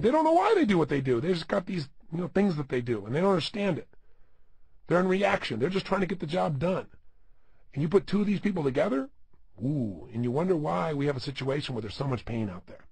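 Motivational speaker, man, middle-aged: husky, gravelly, emphatic, peppers the listener with questions. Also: a little high, darkish tone, no echo. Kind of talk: self-help audio program talk.

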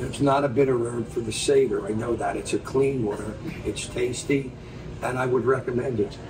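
A man's voice: medium pitch, steady tone, moderate pace, echoey room, distant mic, background noise. A man in his fifties, a guest trading blunt, wisecracking jokes in casual chat. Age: 50s.

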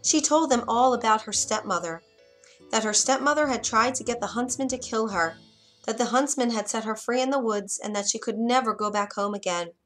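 Brief: woman reading a children's fairy tale aloud, expressive, slightly high voice. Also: faint music behind. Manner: expressive, dramatic pauses. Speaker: narrator. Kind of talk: scripted storybook narration.

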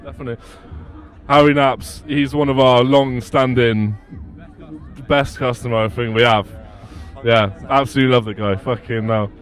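A man's voice: mid-range voice, fairly even intonation, normal speed. A young man hosting a podcast at a rave, joking and bantering with guests, swearing often. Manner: jokey, banters loudly, swears. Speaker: podcast host. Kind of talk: casual chat. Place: outdoors at a rave.

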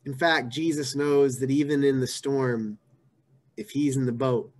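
A man preaching a sermon in a conversational way, repeating phrases and moving between hushed and emphatic delivery. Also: mid-range voice, steady tone, measured pace. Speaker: pastor.

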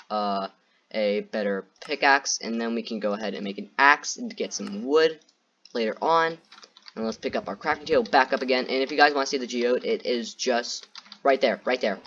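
A man's voice: mid-range voice, fairly bright tone, highs cut off, a little hiss or hum. A man doing gameplay commentary who rambles nervously, repeats himself and keeps talking to his viewers. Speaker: gaming YouTuber.

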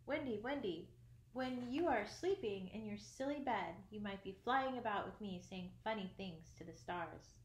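A woman's voice: mid-range voice, moderate pace, close to an everyday voice. Eager coaxing boy hero, voiced by a woman, storybook read in a roomy space. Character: boastful eager young boy hero Peter. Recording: echoey room, faint ambience.

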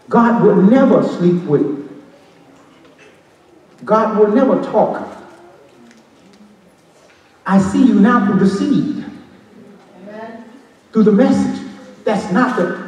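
A high-voiced man preaches with passion, moving between shouts, half-sung lines and loose street talk. He is heard from far off in a church hall with a long, ringing echo. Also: animated, measured pace, long pauses. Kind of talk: Pentecostal sermon. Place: church sanctuary.

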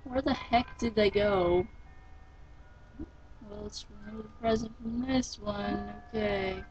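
A woman casually commenting on a video game she plays, sounding tired and rambling, with sudden excited squeals. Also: mid-range voice, takes it slowly. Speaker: let's-play gamer. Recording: dull lo-fi recording with faint game music.

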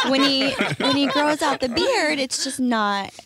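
A woman's voice: sits high, big pitch swings, slow pace, heavy background noise. A woman with a Southern American accent, chatting and laughing as a guest in a radio studio interview. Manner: laughing, chatty, self-deprecating. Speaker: guest singer.

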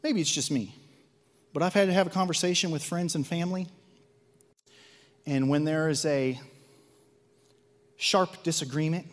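A Midwestern American man preaching in a church sanctuary, his fairly high voice ringing with a long hall reverb. He jumps from fiery, emphatic bursts to quiet confiding asides and keeps pressing the congregation with rhetorical questions. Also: normal speed, long pauses. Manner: swings between loud zealous outbursts and hushed asides; rhetorical questions, repetitions and acted-out quotes. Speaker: lay preacher. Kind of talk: sermon.

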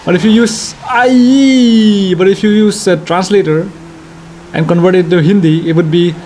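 A young man with an Indian accent, giving playful, excitable commentary over his own racing game and bursting into shouts and jokes. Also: high voice, normal speed, slight background noise. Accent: Indian English. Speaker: gaming YouTuber. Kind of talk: let's-play racing commentary.

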